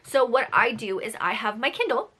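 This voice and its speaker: Chatty young woman, lively bright voice. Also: fairly high pitch, normal speed. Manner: chatty and rambling, lots of "like". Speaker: book vlogger. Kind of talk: casual vlog chat. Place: at home.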